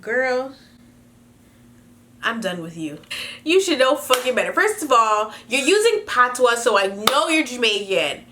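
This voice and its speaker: A woman's voice: fairly high pitch, sing-song, a little slow, bright, forceful tone, a little hiss or hum. A young woman from Canada reading viewer emails aloud and giving blunt, sassy advice in a casual chat, swearing freely.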